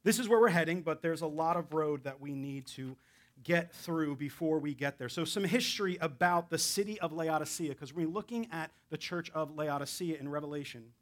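Guy preaching in a church, kinda higher voice, laid-back chatty sermon. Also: moderate pace. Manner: casual, chatty preaching with self-deprecating asides. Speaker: guest pastor. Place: church sanctuary.

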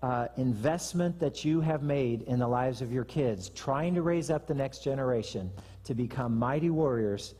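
Pastor guy preaching, kinda husky, chatty with little jokes, big reverby hall. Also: mid-range voice, moderate pace, mellow. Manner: conversational, joking asides. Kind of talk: sermon.

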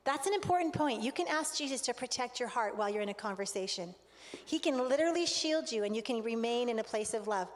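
A woman with a high voice tells a personal story from the stage in an earnest, animated sermon style. Her voice carries with a long reverb through a large hall. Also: fast. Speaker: speaker at a relationship conference.

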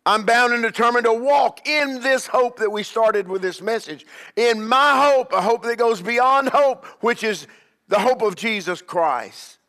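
A man's voice: very high-pitched, unhurried, sharp tone, in a large hall. A man preaching as a bishop, emphatic, with call-and-response and repeated questions to the congregation. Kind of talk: sermon.

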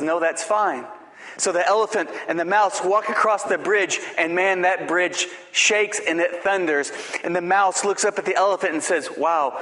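A male pastor preaching a sermon, swinging between loud rising exhortation and hushed, low, drawn-out emphasis. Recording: long reverb of a large hall.

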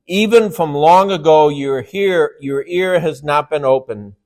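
A man delivering a sermon at a slow, deliberate pace, his voice sitting a little above the usual male pitch. He presses his points with emphasis and keeps asking his listeners whether they follow. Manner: emphatic, rhetorical questions. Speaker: pastor.

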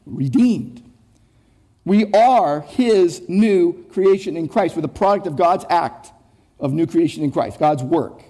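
With a fairly high, dark-toned voice, a male pastor delivers an animated expository sermon, taking it slowly. He speaks emphatically and repetitively, restarting words often and talking rhetorically right to the people listening.

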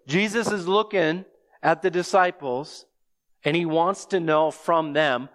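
A man's voice: a little high, normal speed, fairly bright tone. A man preaching an expository sermon, explaining scripture and asking the listeners rhetorical questions.

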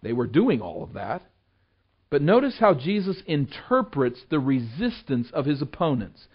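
A man delivers a sermon as pastor, his voice sitting a little high. He presses hard on key lines, then sinks low and quiet for earnest appeals. The recording is muffled and lo-fi. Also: very animated, moderate pace, breathy edge. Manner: preaching with rising emphasis, dropping low and soft for appeals. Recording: dull lo-fi sound.

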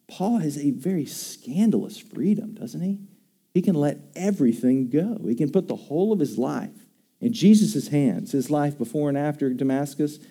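Dark-voiced pastor preaching a conversational sermon. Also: male voice, medium pitch, husky. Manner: conversational, emphatic, asks the congregation questions.

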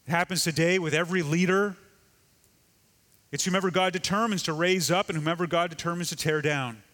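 A man preaches a sermon with emphasis, sinking to a near hush to drive points home. His voice sits a little high for a man. A long reverb trails every phrase, as in a large hall. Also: steady tone, brisk. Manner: emphatic, dramatic drops to a hush. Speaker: pastor.

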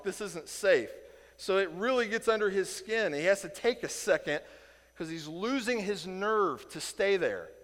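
A man from Indiana leads a Bible lesson in a relaxed, lively way, acting out the people in the story and chuckling now and then. His voice sits a bit high for a man. The sound carries a long reverb, as in a church hall. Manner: animated, acts out quoted voices, chuckles. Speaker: Bible teacher. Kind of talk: casual Bible teaching.

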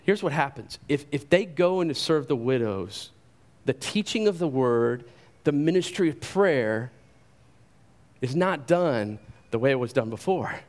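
A man's voice: medium pitch, lively intonation, unhurried, darkish tone. A man preaching a sermon, emphatic, asking rhetorical questions and doubling words as he stresses a point. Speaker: pastor.

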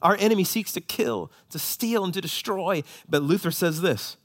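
A man preaching a sermon, swinging between hushed, low emphasis and loud, high-pitched exhortation. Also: expressive, moderate pace, hardly any pauses. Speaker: pastor.

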